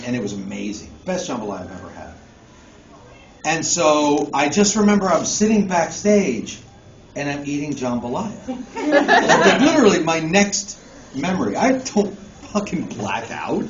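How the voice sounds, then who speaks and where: A man, a musician guest at a convention panel, telling a casual story to a live audience, laughing often and swearing freely. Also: on the high side. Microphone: phone recording from the audience. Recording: echoey muffled phone recording with room noise.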